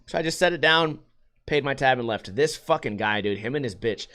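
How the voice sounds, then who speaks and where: A man's voice: mid-range voice, lively intonation, a little fast, fairly bright tone. A man hosting a podcast, telling a restaurant story in a casual, ranting, profane way. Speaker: podcast host. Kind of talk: casual chat.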